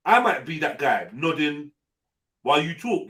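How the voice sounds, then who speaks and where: A man hosting a live open panel, blunt and animated, swearing freely and acting out what people say. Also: a little high, normal speed, distant mic. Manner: blunt, animated, swears often, acts out quotes. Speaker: host of a live open panel talk show. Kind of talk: casual panel discussion.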